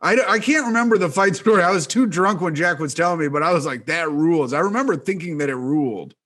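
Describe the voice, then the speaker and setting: A man's voice: a little high, expressive, fast, fairly bright tone. A man co-hosting a casual comedy talk show, laid-back and joking, who laughs often. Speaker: show co-host.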